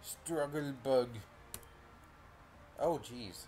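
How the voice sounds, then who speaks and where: A man's voice: medium pitch, drawn-out words, mellow, a little hiss or hum. A young man casually commenting on his own gameplay, reacting aloud and swearing often. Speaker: gaming video host. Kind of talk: casual let's-play commentary.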